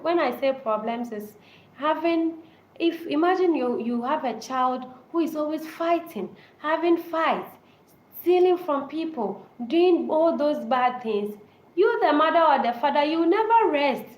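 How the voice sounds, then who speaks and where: A woman hosting a casual live-stream chat, speaking earnestly and restating short phrases over and over. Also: high voice. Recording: echoey room with faint background noise.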